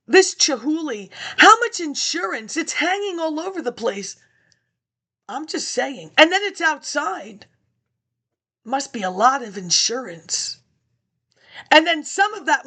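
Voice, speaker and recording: High-voiced woman rambling to her viewers. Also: sharp tone. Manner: chatty, jumps between topics, chuckles to herself; talks straight to her viewers. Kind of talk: rambling casual monologue.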